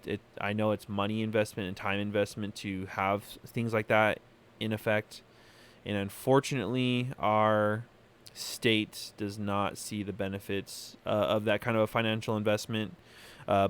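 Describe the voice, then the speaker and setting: A man hosting a podcast from California, giving opinionated solo commentary in a halting way, full of fillers and restarts. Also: fairly low pitch, clear, resonant tone. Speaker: podcast host.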